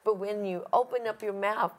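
A woman's voice: medium pitch, normal speed. A woman co-hosting a faith talk show, affirming and echoing the preacher's words. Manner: affirming, echoes the speaker's words.

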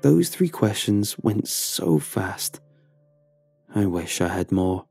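A man narrating a horror story in a slow, low, brooding way. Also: very animated, gravelly, mellow, breathy edge. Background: faint music.

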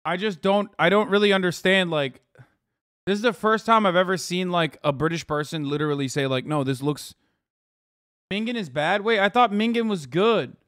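A man's voice: sits high, normal speed, a bit bright, no echo. Profane, incredulous streaming man, dry sound. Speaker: streamer reacting to videos. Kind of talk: casual live-stream commentary.

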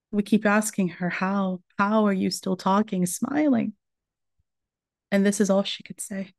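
A woman's voice: mid-range voice, fairly even intonation, a little slow, vocal fry, dry recording. A woman giving a religious lecture, earnestly retelling a survivor's story in her own words.

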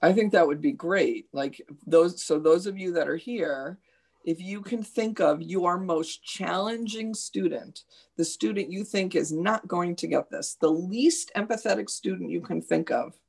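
Woman teacher telling classroom stories on a video call, gravelly and husky. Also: on the low side, a little slow, a little mellow. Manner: earnest, recounts classroom stories with quoted dialogue. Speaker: teacher leading a discussion. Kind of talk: live online discussion, storytelling.

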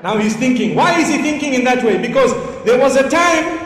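A man preaching a sermon, telling a story with animated, rising emphasis, in a large lecture hall. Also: extremely high pitch, a little fast, far from the mic. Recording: echoey hall with long reverb.

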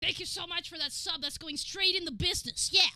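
Bright, animated woman streamer. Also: very high-pitched, a little fast, no echo, studio quality. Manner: animated, exasperated, swears freely. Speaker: livestream host. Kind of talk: casual live-stream chat.

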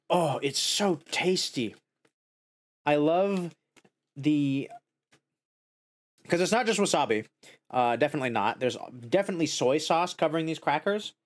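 A man streaming a casual snack tasting, excitable, jumping to high squeals of joy and dismay, then murmuring while he savors.

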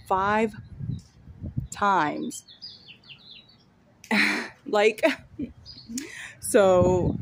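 A woman vlogger talking straight to her viewers, chatty and rambling, recorded outdoors on a phone. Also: fairly low pitch. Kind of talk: casual vlog talk to camera. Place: outdoors by a street and train station. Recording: outdoor street noise and passing vehicles.

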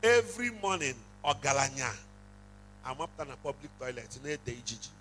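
A man's voice: mid-range voice, sing-song, fairly bright tone, a little hiss or hum, low-quality recording. A man preaching a sermon, switching between English and Igbo and breaking into song. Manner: preaching with slow, drawn-out bursts into singing. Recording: music playing under the voice.

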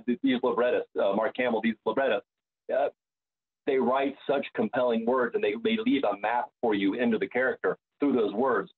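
A man, an opera bass, talking reflectively in an interview and often restarting his sentences. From United States. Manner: searching, restarts sentences, many fillers. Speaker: opera bass singer, guest. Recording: tinny phone-like line.

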